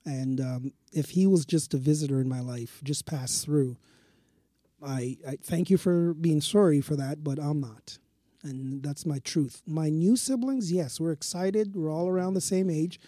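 A man co-hosting a casual spiritual talk show, telling stories in a slow, reflective way. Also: a little high, mellow, dry recording, studio quality. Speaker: co-host.

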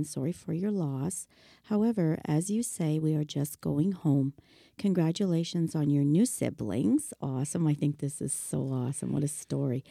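Low-voiced upbeat woman co-host. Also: vocal fry, no room sound, clean studio sound. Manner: warm, upbeat, reads listener emails. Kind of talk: casual talk show chat.

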